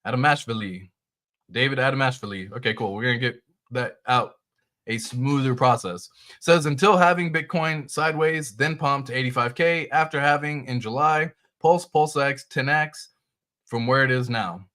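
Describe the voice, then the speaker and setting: A man's voice: mid-range voice, normal speed, pushed and bright. A man hosting a casual livestream, talking through crypto market charts and greeting viewers in the chat in a loose, chatty way. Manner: casual, loose, talks straight to viewers and reads chat aloud. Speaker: crypto channel host.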